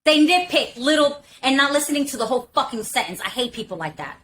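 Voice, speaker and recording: An outspoken woman in casual podcast talk, her voice sitting fairly high. She speaks candidly and emphatically, drops curse words freely, and keeps circling back with "you know what I'm saying". A faint hiss of background noise sits under her. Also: very animated, fast talker, a bit bright, poor audio. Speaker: podcast talker.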